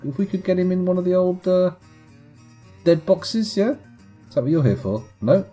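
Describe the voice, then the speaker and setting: A man's voice: high-pitched, expressive, moderate pace, mellow, soft background music. A man streaming live gameplay commentary in a playful, chatty, self-mocking way.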